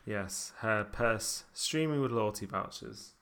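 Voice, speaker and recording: A man's voice: fairly low pitch, takes it slowly, fairly bright tone, clean tone. A man, co-hosting a casual chat with dry wit. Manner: dry wit, chatty with fillers. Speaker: podcast co-host.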